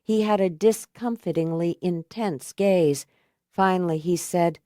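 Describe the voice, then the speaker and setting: A woman narrates a horror audiobook, reading the script in an even, measured storytelling style. Her voice is on the low side, and the studio-quality recording has no room sound.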